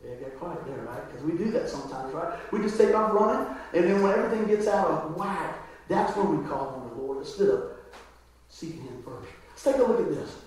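A man's voice: on the high side, expressive, fairly quick, darkish tone. A man preaching a conversational sermon in a church, often asking the crowd "right?". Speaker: pastor. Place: church hall. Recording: echoey hall, voice from far off.

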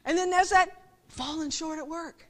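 A woman's voice: extremely high pitch, steady tone, moderate pace. A middle-aged woman giving a conversational sermon, often checking that listeners follow her with rhetorical questions. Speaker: preacher.

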